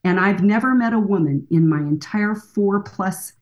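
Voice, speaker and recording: A woman's voice: mid-range voice, normal speed, a little mellow. A woman in her sixties, a counselor and author, speaking earnestly and emphatically as a guest in a podcast interview. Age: 60s.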